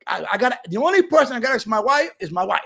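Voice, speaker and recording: Animated New man sharing his recovery story. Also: very high-pitched, very fast, creaky. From Brooklyn, New York. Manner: animated, streetwise, emphatic. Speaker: recovery speaker. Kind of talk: recovery testimony share. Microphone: video call.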